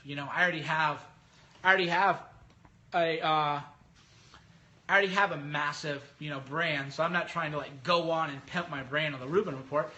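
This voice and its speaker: Guy podcaster ranting casually, high bright voice, jumps into mocking impressions. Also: a little hiss or hum. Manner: animated, mocking impressions of others. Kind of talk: casual monologue.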